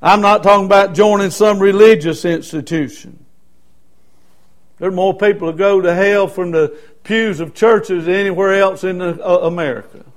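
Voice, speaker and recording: A man's voice: high-pitched, normal speed. A middle-aged man preaching a Baptist sermon with emphatic repetition. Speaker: Baptist pastor.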